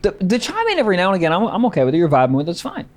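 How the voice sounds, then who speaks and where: A man's voice: high-pitched, huge pitch swings, racing. A man co-hosting a podcast in casual comedic chat, ranting expressively and swearing freely. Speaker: podcast co-host.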